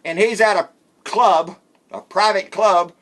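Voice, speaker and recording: A man's voice: high-pitched, steady tone, measured pace, a bit bright. A man delivering a sarcastic, blunt political rant as host of his own show. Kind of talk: ranting political monologue.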